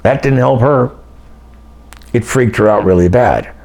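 This older interview guest has a mid-range voice and an unhurried pace. He shares personal stories casually and with animation, performing the voices of those he quotes.

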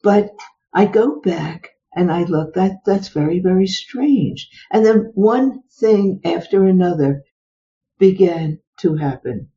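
A woman's voice: fairly low pitch, expressive, slow, dark tone. An older woman, a psychologist being interviewed, recounting personal stories with exclamations and rhetorical questions. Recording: dull lo-fi recording.

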